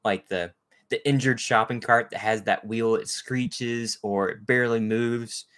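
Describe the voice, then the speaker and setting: A man from Texas hosts a casual livestream, chatting with viewers in a rambling way and greeting them by name. His mid-range voice is clear, resonant, and fairly bright, with fairly even intonation and an unhurried pace.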